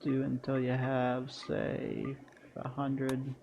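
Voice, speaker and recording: A man's voice: mid-range voice, monotone, slow, vocal fry, lo-fi sound, slight background noise. A man streaming a strategy game, muttering through his plans and chatting bluntly to viewers with crude humor. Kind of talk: casual gameplay commentary.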